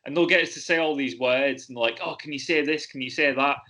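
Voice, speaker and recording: A man's voice: medium pitch, brisk, sharp tone. A man with an English accent hosting a casual wrestling podcast interview, joking and laughing often. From England. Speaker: podcast host.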